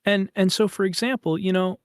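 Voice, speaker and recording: A man's voice: high-pitched, fairly even intonation, a little fast, smooth, no room sound, studio quality. A man hosting a podcast, speaking thoughtfully and hesitantly with many fillers. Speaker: podcast host. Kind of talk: casual podcast conversation.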